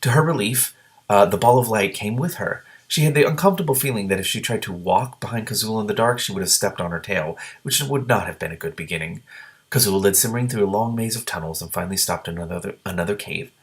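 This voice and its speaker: A man's voice: on the low side, quick pace. A man reading a novel aloud with casual commentary and reactive asides. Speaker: book reader and blogger.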